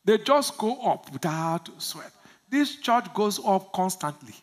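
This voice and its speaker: A pastor from Nigeria preaching a sermon, asking the congregation to finish his lines and swinging from low murmurs to loud shouts. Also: sing-song, slow. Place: church service.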